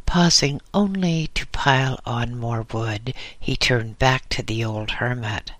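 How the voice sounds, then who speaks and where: A man reading an audiobook aloud in a slow, deliberate way. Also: medium pitch, a bit bright, dry recording. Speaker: audiobook reader. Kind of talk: audiobook narration.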